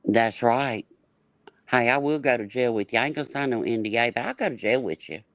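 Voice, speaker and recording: A woman's voice: a bass voice, animated, a little fast, dry recording. A woman on a livestream panel, talking bluntly and brashly with cursing. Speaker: panel guest. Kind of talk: casual livestream chat.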